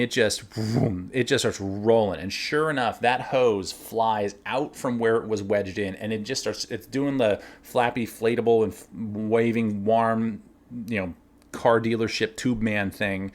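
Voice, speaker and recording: A man casually telling workplace stories, animated, laughing now and then and acting out the lines of others. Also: mid-range voice. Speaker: winery cellar worker telling stories. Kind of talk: casual storytelling.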